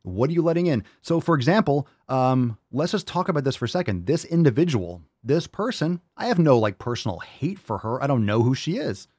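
A man hosts a fitness podcast and lectures his listeners in a blunt, profane rant. His pitch swings widely as he hammers his points home, and the sound is close and dry. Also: big pitch swings, brisk, hardly any pauses, a little mellow, breathy edge, no echo. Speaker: podcast host.

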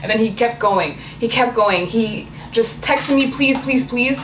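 Animated woman telling a story, roomy sound. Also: on the high side, unhurried, recorded from a distance, slight background noise. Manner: animated storyteller, acts out quoted texts. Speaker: podcast co-host telling a dating story. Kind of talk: casual chat.

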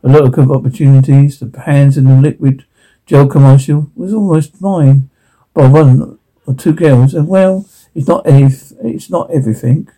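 A man's voice: medium pitch, normal speed, warm tone, lightly acted, poor audio. A man reading as a bubbly, rambling young actress. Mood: chatty. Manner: bubbly, rambling, self-deprecating. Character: young woman, chatty aspiring actress. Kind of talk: reading a TV episode aloud in character.

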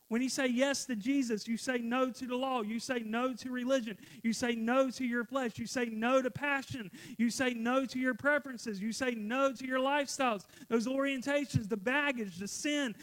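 A man's voice: very high-pitched, moderate pace, fairly bright tone. A male pastor preaching a sermon to his church, repeating phrases for emphasis and getting out of breath.

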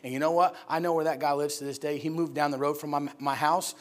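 High-voiced man preaching with dramatic swings. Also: fairly even intonation, fast. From upstate New York. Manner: dramatic, swings from hushed to shouting. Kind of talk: sermon storytelling.

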